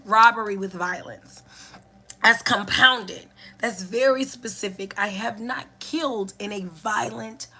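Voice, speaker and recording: A woman teaching as a spiritual educator and healer, speaking deliberately and repeating key phrases for emphasis. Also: mid-range voice, pushed and bright. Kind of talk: reflective spiritual teaching monologue.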